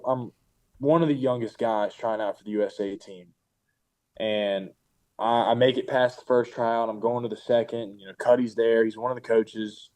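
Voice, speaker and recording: A teenage man speaking as an interview guest, telling relaxed stories with fillers and restarts. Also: mid-range voice. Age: teens. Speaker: guest, pro baseball player. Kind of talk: casual interview chat.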